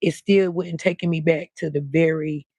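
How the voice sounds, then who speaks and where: This livestream host has a low, husky, darkish voice with a steady tone and moderate pace, and no echo. Late at night she chats casually, naming viewers as she greets them and drawing her words out.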